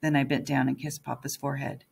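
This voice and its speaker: A woman's voice: extremely low pitch, little pitch movement, fast, vocal fry. A woman narrating an audiobook in the first person as a young girl.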